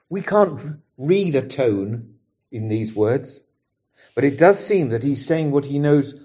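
Male preacher giving a sermon, slow and deliberate, warm mellow tone, earnest scripture reading. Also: medium pitch, lively intonation, husky. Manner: measured, earnest delivery, reading scripture and leading prayer.

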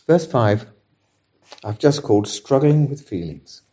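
Male preacher giving a sermon, slow and deliberate, warm mellow tone, earnest scripture reading. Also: medium pitch, animated, slightly rough. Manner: measured, earnest delivery, reading scripture and leading prayer.

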